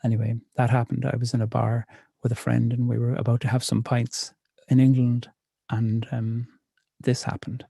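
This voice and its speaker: A man with a Northern Irish accent, a poet reading his poems and telling stories in a slow, measured, reflective way. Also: mid-range voice, flat delivery, creaky, warm tone, slightly rough, no room sound. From north of Ireland. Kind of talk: poetry reading and storytelling.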